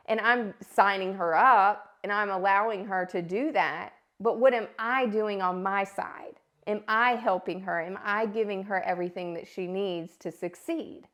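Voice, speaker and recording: A woman in her thirties, a podcast host telling a story in a casual monologue and acting out the voices she quotes. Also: medium pitch. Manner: animated, acts out quoted voices.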